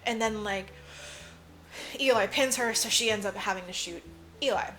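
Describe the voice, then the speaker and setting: A woman with a bright, forceful voice chats casually on a podcast, retelling a movie scene by scene. She swears freely, leans on "like" and acts out each character's lines in turn. Faint music plays underneath. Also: mid-range voice, moderate pace. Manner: animated storyteller acting out characters' lines; swears freely, lots of "like" fillers. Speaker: podcast co-host. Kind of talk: casual movie recap chat.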